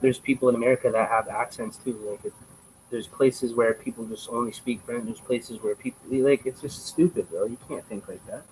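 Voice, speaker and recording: A man's voice: mid-range voice, fairly even intonation, brisk, slight background noise, rough recording. Blunt, profane Canadian guy livestreaming. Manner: blunt, profane, emphatic, says "bro" often. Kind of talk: casual livestream chat.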